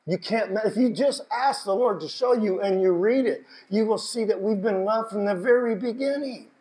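A male preacher delivering an emotional sermon, moving from hushed reflection to fervent, raised exhortation. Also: sits high, normal speed, low-quality recording. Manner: passionate, building from hushed to shouting.

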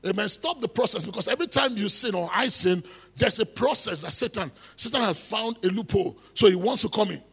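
Man, preacher, high bright voice, husky edge, long hall reverb. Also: animated, brisk. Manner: emphatic, repeats phrases, rising into exhortation. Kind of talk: sermon.

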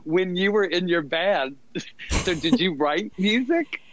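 A man's voice: high voice, animated, slow, fairly bright tone, no room sound. A middle-aged man telling stories as a podcast guest, chatty and laughing often as he goes. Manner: chatty, laughs often, mimics others' voices. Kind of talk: casual storytelling. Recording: dull lo-fi recording.

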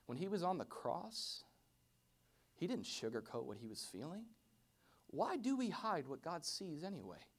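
A man preaching a sermon, swinging from hushed whispers to loud exclamations. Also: fairly high pitch, very animated, normal speed.

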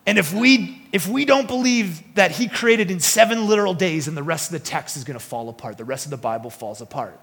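Brief: insistent Texan churchgoer, a preacher doing the accent, emphatic, higher-pitched delivery. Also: male voice, animated, fairly quick, gravelly, few pauses, a bit bright, breathy edge, in a large hall, heavily acted. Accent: Texan, attempted.

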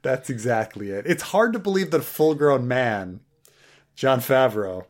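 A man in a casual review chat, talking in a middle pitch with a sarcastic, rambling edge. He stammers and restarts his sentences as he riffs. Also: expressive, a little slow. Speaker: podcast co-host.

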